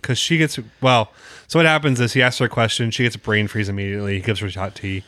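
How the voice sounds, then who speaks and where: A man's voice: lowish voice, fairly even intonation, quick pace, bright, forceful tone. A man co-hosting a casual chat, retelling episodes at length with crude jokes and fillers. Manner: storytelling recap, crude jokes, filler words. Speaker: podcast co-host recapping episodes.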